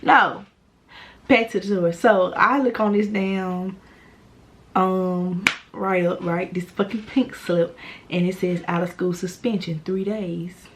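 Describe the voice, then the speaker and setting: Young woman vlogging a storytime, cussing a lot, super animated, slangy. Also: lowish voice, slow, slight background noise. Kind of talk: casual storytime vlog.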